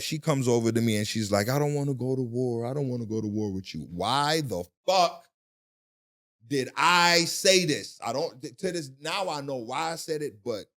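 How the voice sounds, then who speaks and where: A man telling his story as a guest in a casual interview, with profanity and voices he imitates. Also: mid-range voice. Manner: animated, profane storytelling with mimicked voices and shouting.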